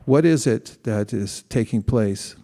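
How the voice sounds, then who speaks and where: A man leading a scripture study class, reading a passage aloud and then asking thoughtful questions, often pausing to rephrase. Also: fairly low pitch, warm tone. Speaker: class leader.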